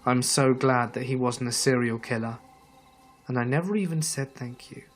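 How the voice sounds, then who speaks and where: A man giving a measured, dramatic scripted narration of true horror stories. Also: mid-range voice, faint music behind.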